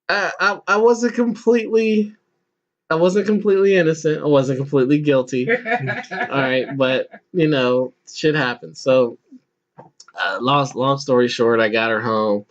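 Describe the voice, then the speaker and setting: A man in his thirties rambles through a funny personal story in casual podcast chat, stumbling over restarts and breaking into laughs. His voice sits at an ordinary middle pitch. The audio is muffled and lo-fi. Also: animated, unhurried. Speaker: podcast host.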